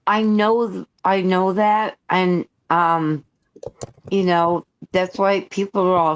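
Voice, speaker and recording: A grieving woman calling in, speaking haltingly as she questions why her loss happened. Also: lowish voice, steady tone, smooth. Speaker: caller. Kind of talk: talking through grief.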